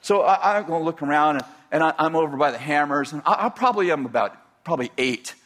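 A man's voice: on the high side, expressive, fast talker, fairly bright tone. An older man from California telling a personal story in a rambling way, with many restarts and chuckles. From California, USA.

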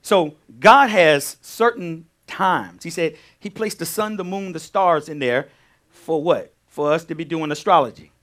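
A male pastor teaching a sermon, animated, repeating key phrases and firing questions at his congregation. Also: fairly high pitch, a little slow.

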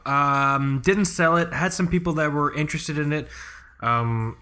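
A man's voice: on the high side, a little slow, bright, forceful tone. A man co-hosting a casual podcast chat, loose and joking, with frequent swearing. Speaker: podcast co-host.

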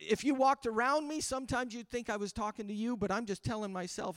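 High, bright-voiced fervent man preaching. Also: steady tone, brisk, hardly any pauses, no room sound, clean studio sound. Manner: earnest, building fervor with repeated refrains. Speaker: pastor. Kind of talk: sermon. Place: church livestream during pandemic.

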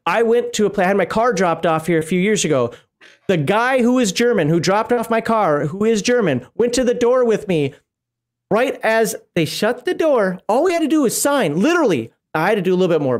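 Guy with a pretty high voice, chatty, reads stuff out then wanders off on tangents. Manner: rambling, stops to laugh and comment. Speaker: podcast co-host reading game lore. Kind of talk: casual chat and reading aloud.

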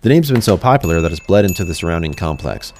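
A man's voice: low voice, expressive, fast, a little mellow, a little hiss or hum. A man narrating a first-person fantasy story in a conversational way, speaking to the listener directly.

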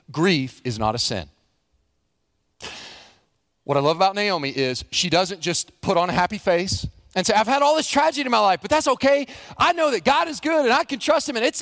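A middle-aged man, a pastor preaching a sermon, animated, acting out the quotes he reads. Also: on the high side, no echo, studio quality.

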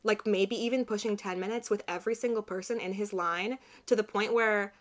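A young woman in her twenties chatting casually, telling a lively story with quick asides. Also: medium pitch. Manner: animated storyteller, quick asides and quoted voices. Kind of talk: casual chat.

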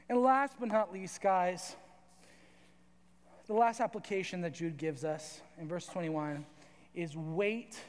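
A young man preaching to a youth audience, telling a story in a lively, conversational way and often checking in with "right?". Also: sits high. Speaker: youth pastor. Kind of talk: sermon with storytelling. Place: large hall with audience. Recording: reverberant hall.

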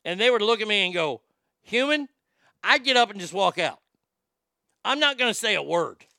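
A man's voice: high voice, lively intonation, a little fast, vocal fry, sharp tone, no room sound, studio quality. A man hosting a comedy podcast, rambling and joking crudely, often stammering and repeating words. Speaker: podcast host.

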